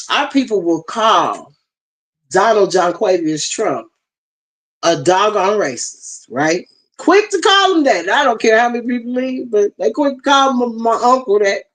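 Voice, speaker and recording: A woman's voice: fairly high pitch, rough recording. A woman with a Southern US twang, hosting an impassioned, preachy talk. She speaks fierily and emphatically, addressing her listeners directly. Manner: fiery, emphatic, talks straight to listeners. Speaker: host.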